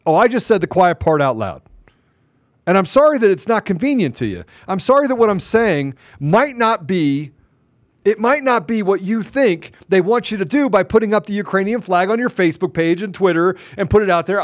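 A man's voice: high voice, animated, brisk, no echo, studio quality. A man hosting a political talk show, delivering fervent, ranting commentary full of rhetorical questions.

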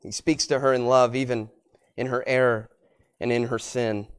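A man preaching a sermon as pastor, rising to loud emphatic peaks and dropping to quiet low asides, repeating words as he builds his points. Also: level tone, normal speed, clear, resonant tone.

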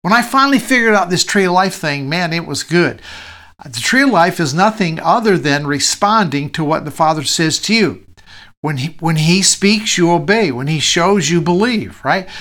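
A pastor preaches a sermon in a voice that sits a little high for a man. His delivery is relaxed and conversational, and he keeps circling back to key phrases for emphasis.

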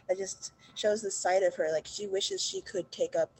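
A woman's voice: on the high side, big pitch swings, normal speed, creaky, few pauses, darkish tone, a little hiss or hum, poor audio. A woman co-hosting a podcast who reflects chattily on characters and choices in a fantasy novel. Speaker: podcast co-host. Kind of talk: casual book discussion.

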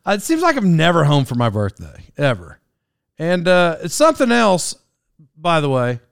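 A man's voice: a little high, wildly swooping pitch, normal speed, creaky, clean tone, dry recording, clean studio sound. A man in his forties hosting a podcast solo, rambling through a personal story with restarts and laughs at himself. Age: 40s. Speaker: podcast host.

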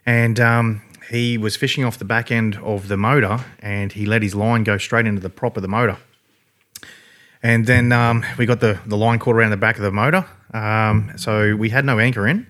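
A man's voice: on the low side, steady tone, moderate pace, fairly bright tone. An Australian man telling a story in a rambling, laid-back way, swearing freely. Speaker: podcast guest. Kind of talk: casual storytelling.

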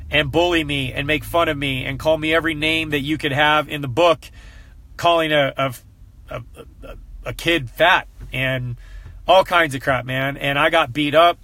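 A man's voice: a little high, bright, forceful tone. A man who works as a coach, giving a heartfelt personal talk to a group, earnest and emotional, fighting back tears.

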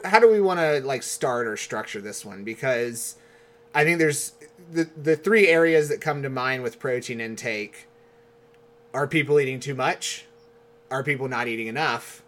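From the United States, this man co-hosts a casual podcast. His voice is bright and forward, and he tells animated, rambling stories full of asides. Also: mid-range voice, moderate pace. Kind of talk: casual chat.

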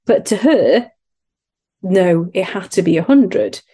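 This is a middle-aged woman from Wales, a guest on an interview podcast. Her voice is mellow and soft-edged, and she talks earnestly, poking fun at herself and growing lively in her anecdotes. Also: medium pitch, slow pace, slightly rough. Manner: earnest, animated when telling stories, self-deprecating. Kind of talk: podcast interview, personal story.

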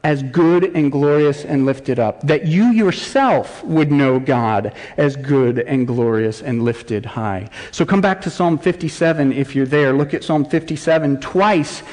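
A man's voice: on the high side, measured pace, few pauses, a little mellow. A man, a middle-aged pastor, preaching a sermon with earnest intensity, voicing prayers as rising cries. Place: church sanctuary. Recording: long church reverb.

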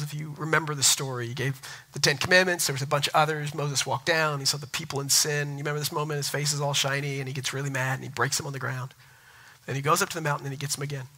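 A man's voice: a little high, pushed and bright, rough recording. A man preaching a sermon, emphatic, often repeating words for stress. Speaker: pastor.

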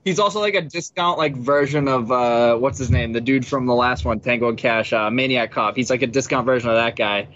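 A man in casual movie chat with friends, excitable, swearing and laughing a lot. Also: mid-range voice, brisk, hardly any pauses, highs cut off, slight background noise.

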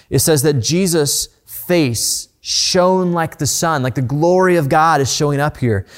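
A man preaching a sermon, reading scripture and explaining it in a reflective, emphatic way, dropping softly at quiet moments. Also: a little high. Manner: reflective, emphatic Bible teaching with soft hushed moments. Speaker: pastor.

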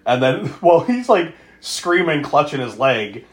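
A man's voice: on the high side, sing-song, unhurried. A man co-hosting a podcast, recapping a movie in casual chat, laughing often, swearing freely and acting out the characters' lines. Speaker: podcast co-host.

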